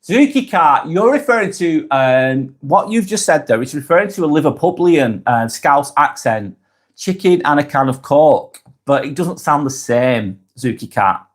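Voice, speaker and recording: A man hosting a live vlog, reading comments aloud and answering them bluntly, often swearing, then softening to reassure. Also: a little high, animated, normal speed, hardly any pauses. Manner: blunt, sweary, swings between brusque and reassuring. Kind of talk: casual live vlog chat.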